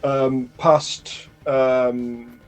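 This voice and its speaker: A man's voice: mid-range voice, level tone, extremely slow, soft background music. A man playing a tabletop game, stammering as he asks about the scene. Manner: stammering, asks many questions. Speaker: player.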